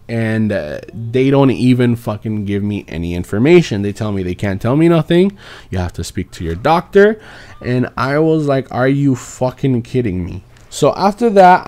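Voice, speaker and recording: A young man at a middle pitch tells a story in a loose, rambling way. He swears a lot and sounds exasperated as he talks through it casually. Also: darkish tone. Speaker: vlogger telling a personal story.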